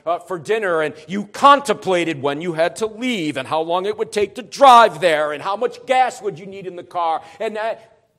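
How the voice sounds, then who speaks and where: This pastor's voice is notably high for a man and a bit bright as he delivers an expository sermon. He explains in an earnest, teacherly way, pressing his points with rising, emphatic urgency.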